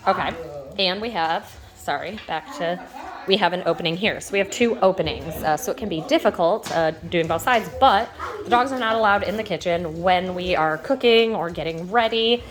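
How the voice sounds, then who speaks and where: At a moderate pace, with a crowd audible in the background, a woman in her thirties chats casually in a home vlog about training her dogs as she moves between rooms. She's a dog trainer whose loose speech is full of fillers and restarts, and she coos at the dogs in sweet, high baby talk.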